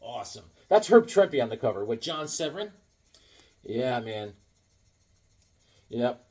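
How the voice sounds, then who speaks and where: A man chatting casually on his vlog as he shows off new comics, rambling and excitable, throwing in corny jokes. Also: mid-range voice, a little slow. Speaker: comic book collector showing new comics.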